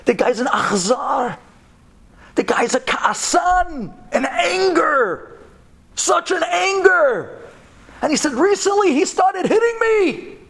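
Guy acting out a crying young woman, squeaky and raspy, begging for help. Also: unhurried, pauses often, full character voice. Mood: distraught pleading. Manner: sobbing, outraged rising pleas.

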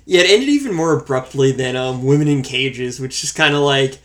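A man co-hosting a casual movie review chat, relaxed and wry as he counts off his points. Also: medium pitch, brisk. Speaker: podcast co-host reviewing a film.

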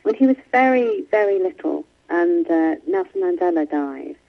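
A woman's voice: fairly low pitch, animated, moderate pace, vocal fry, dull audio. A woman author, speaking in an interview from London and talking with many restarts and asides. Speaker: author guest. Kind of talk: remote interview conversation. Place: home in London.

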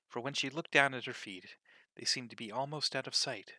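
Man reading a storybook aloud, very bright tone, dry close sound, expressive and measured. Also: medium pitch, no room sound. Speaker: narrator.

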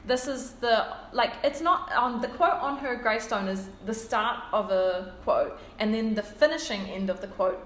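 A woman's voice: a little high, normal speed, few pauses, echoey room, a little hiss or hum. A young woman casually retelling a story to friends, rambling with many fillers and laughing often. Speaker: friend retelling a fanfic plot. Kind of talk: casual chat among friends.

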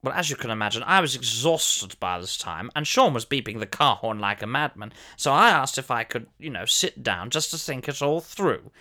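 A man's voice: medium pitch, lively intonation, moderate pace, few pauses, sharp tone. A man voicing a pompous elderly former soap actor, telling a fussy, theatrical comic story. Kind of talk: comic character monologue.

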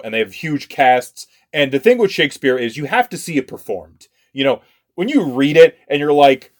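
A man co-hosting a casual chat, animated and full of stammering restarts. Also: mid-range voice, normal speed.

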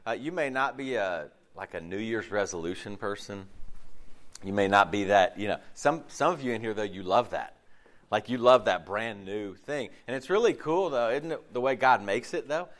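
Hoarse pastor guy, voice gone deep, rambling sermon full of ums and restarts. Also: lively intonation, moderate pace, fairly bright tone. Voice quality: deeper than usual. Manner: rambling, chatty, many fillers and restarts. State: hoarse from a lost voice. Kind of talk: casual sermon. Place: church service before a congregation.

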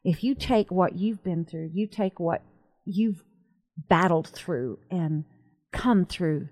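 A woman co-hosting a Christian talk show, telling a story in an animated, emphatic way. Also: lowish voice, takes it slowly. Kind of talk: conversational faith talk.

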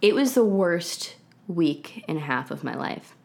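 A woman's voice: lowish voice, big pitch swings, a little slow, creaky. A woman in her twenties, a guest on a podcast, casually telling a personal story with lots of "like" and "um". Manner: chatty, heavy use of "like" and "um".

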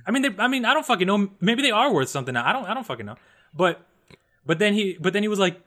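A man in his twenties in casual conversation, telling a story in a profane, animated way, swinging from loud bursts to low mutters. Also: fast talker. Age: 20s. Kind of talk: casual chat.

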